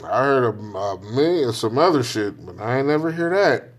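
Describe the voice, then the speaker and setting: A man's voice: mid-range voice, animated. A man hosting his own show, ranting alone in casual, profane street slang and mimicking other people as he goes. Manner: acts out other people in quick impressions. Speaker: podcast host. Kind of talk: casual monologue rant.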